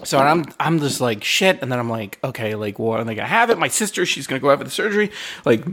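A middle-aged man tells a story in loose, casual conversation. He swears freely and fills his talk with fillers and restarts. His delivery swings between low muttering and sudden high exclaiming. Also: lively intonation, fast, fairly bright tone. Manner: lots of filler words and restarts.

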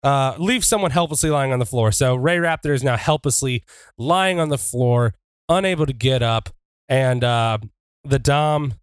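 A man's voice: mid-range voice, moderate pace, clear, resonant tone, no echo. A man playing a tabletop wrestling game, narrating his wrestler's moves in a playful, profane way. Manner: profane, playful, switches into shouted wrestler taunts.

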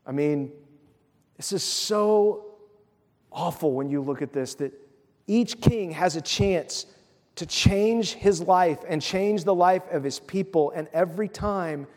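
A pastor with a fairly high voice delivers a sermon, retelling the scripture casually and slipping into voiced asides. His voice rings out with a long reverb, as if in a church sanctuary. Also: takes it slowly, a little mellow.

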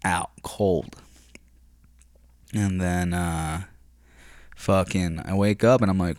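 A young man with a low voice tells a rambling story in a loose, profane ramble. He sounds close to the mic in a dry room with no echo. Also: steady tone, takes it slowly, pauses often, a little mellow. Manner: rambling, profane, swears constantly. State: recovering from surgery. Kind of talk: casual storytelling.

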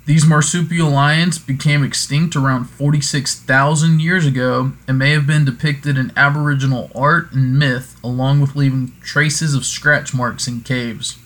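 Man, host, casual folklore talk, digressive, jokey asides, self-correcting, average pitch. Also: steady tone, a little slow, few pauses, a bit bright. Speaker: podcast host.

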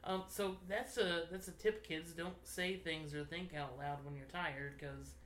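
A man's voice: on the high side, fairly even intonation, a little slow, fairly bright tone, echoey room, a little hiss or hum. A man in his thirties chatting casually with friends, telling self-deprecating jokes about his trip. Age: 30s. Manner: joking, self-deprecating storyteller. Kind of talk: casual chat.

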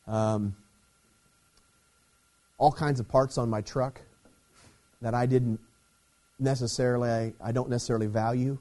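A man delivers a sermon in a relaxed, conversational style and often checks in with a quick "okay?". His voice sits at an ordinary middle pitch and has a warm, mellow tone. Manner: conversational preaching with frequent "okay?" check-ins. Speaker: pastor.

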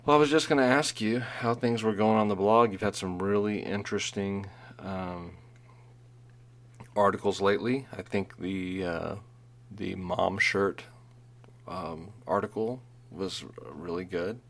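A man's voice: deep voice, steady tone, a little slow. A man co-hosting a podcast in casual chat, joking and rambling with plenty of fillers and laughs. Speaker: podcast co-host.

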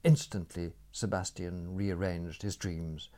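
A man narrating a story in a dry, measured storytelling manner. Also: low voice, fairly even intonation, warm tone.

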